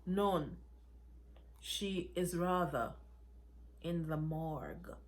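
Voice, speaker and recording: A woman reading aloud voices a grieving man who haltingly tells terrible news. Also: lowish voice, lively intonation. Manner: halting, heavy with pain. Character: grieving man breaking bad news, sobbing.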